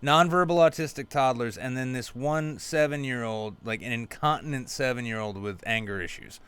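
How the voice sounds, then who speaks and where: A man's voice: mid-range voice, normal speed, a bit bright, clean tone. A man hosting a podcast, telling rambling, profane anecdotes full of quoted dialogue. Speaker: podcast host. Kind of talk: casual storytelling chat.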